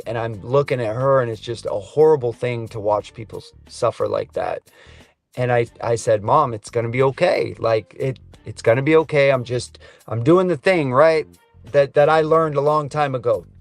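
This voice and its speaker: A man's voice: mid-range voice, normal speed, a little mellow, no room sound, faint music behind. A middle-aged man, a trucker, chatting casually on a live stream, reading viewer comments in a rambling, earnest way. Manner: rambling, earnest, says man and brother a lot. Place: truck cab.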